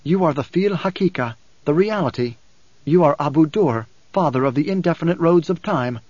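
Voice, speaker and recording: A man voicing a calm, resolute young man who speaks softly in a low, conversational tone. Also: normal speed, dry recording, dull audio.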